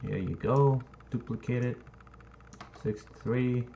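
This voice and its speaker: Slow and gravelly, with a dark tone at medium pitch, this man talks through his game-map build in rambling, offhand commentary, letting a curse slip here and there. The screen recording has a dull lo-fi sound, faint background noise, and keyboard clatter.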